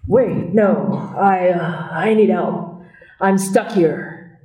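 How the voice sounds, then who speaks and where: A woman voicing a scared male pilot pinned in a crashed plane at a live script reading, halting and pleading. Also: lowish voice, mellow. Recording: echoey room.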